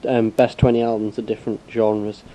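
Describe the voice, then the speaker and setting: A man's voice: fairly low pitch, level tone, fairly quick, dark tone, slight background noise, low-quality recording. A young man from England co-hosting a casual podcast, chatting eagerly about music and gigs. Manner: eager, enthusiastic. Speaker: podcast co-host. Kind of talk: casual chat.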